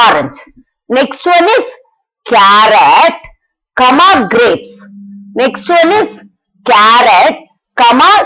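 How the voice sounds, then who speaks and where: A woman explains a math lesson at an unhurried pace, her pitch rising and falling a great deal. She asks her own questions and answers them, repeating each step for the class. The recording sounds dull and lo-fi. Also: bright, forceful tone. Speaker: math teacher.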